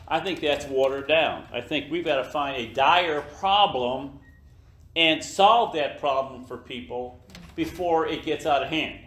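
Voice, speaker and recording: An older man giving a slow, emphatic motivational talk to his team in an office meeting room, now and then acting out little scenes in other voices. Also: a little high, fairly bright tone, slight background noise. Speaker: business leader speaking to his team. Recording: echoey room.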